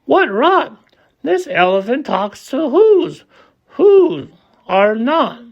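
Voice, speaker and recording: A woman's voice: high voice, sing-song, slow pace, muffled recording, pitched above the performer's own voice, heavily acted. A woman voicing mocking jungle monkey brothers in a scornful tone, for a storybook reading. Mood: scoffing.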